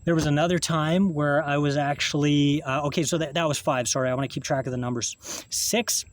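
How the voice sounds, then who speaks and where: A man, talking in a halting, rambling monologue to camera, full of restarts and swearing. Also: a little high, steady tone, no echo. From Canada.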